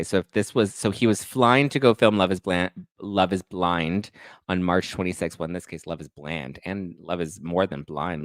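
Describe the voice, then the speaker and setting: A man's voice: low voice, dry recording. A man hosting a reality TV gossip show, reading text messages aloud and adding sassy, sarcastic asides. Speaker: pop culture podcast host.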